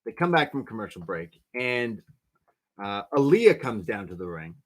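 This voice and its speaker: A man co-hosting a podcast, telling wrestling stories in a lively, laughing way. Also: on the low side, normal speed. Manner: animated storyteller, laughs often. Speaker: podcast co-host. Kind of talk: casual wrestling recap chat.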